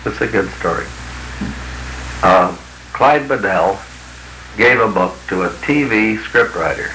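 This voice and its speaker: A man's voice: lowish voice, lively intonation, a little slow, pushed and bright, a little hiss or hum. Blunt, folksy man telling stories. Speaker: business consultant. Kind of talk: anecdotal talk to a group. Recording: roomy archival 1950s recording.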